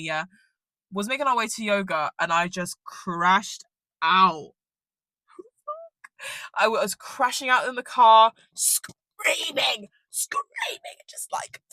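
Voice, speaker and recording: A young woman talks through a storytime from her car, rambling and swearing as she goes. Her voice sits at an ordinary middle pitch for a woman. The sound is dry and close. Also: sharp tone, no room sound. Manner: rambling, swears freely, fillers like "like". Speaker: vlogger. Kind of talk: casual storytime chat.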